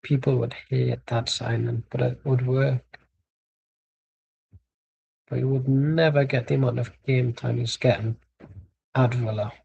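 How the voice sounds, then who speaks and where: A man's voice: medium pitch, steady tone, measured pace, gravelly, pauses often, dark tone, husky, dry recording, lo-fi sound. A young man streaming a football watchalong, chatting casually and rambling with jokes and asides as the match plays. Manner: rambling, joking banter with asides. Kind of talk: casual live match commentary.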